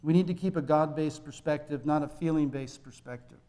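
A man's voice: a little high, a little fast, warm tone. Man preaching in a reverberant church. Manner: conversational preaching with acted-out dialogue. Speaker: pastor. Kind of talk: sermon.

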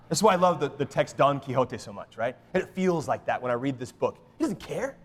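A middle-aged man preaching a sermon in an animated, emphatic way, often checking in with the congregation by asking "right?". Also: mid-range voice, fairly quick, few pauses, long reverb tail, slight background noise. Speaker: pastor.

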